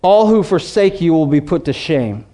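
A pastor preaching a sermon, animated, slowing down to read scripture and acting out quotes. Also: male voice, fairly high pitch. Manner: animated preaching, reads scripture slowly, acts out voices.

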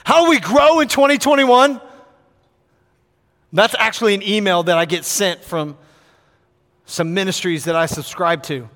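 A man preaching a sermon as pastor, acting out quotes with animation and building to shouts. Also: high voice, animated, a little slow, big-room sound.

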